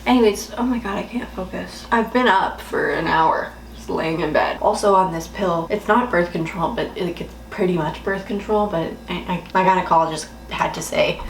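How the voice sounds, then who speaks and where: A woman's voice: mid-range voice, moderate pace, hardly any pauses, noisy background. Rambling young woman in a roomy kitchen. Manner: rambling, self-questioning, frequent laughs. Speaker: vlogger. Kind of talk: casual chatty vlog. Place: home kitchen. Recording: roomy, distant, with kitchen clatter.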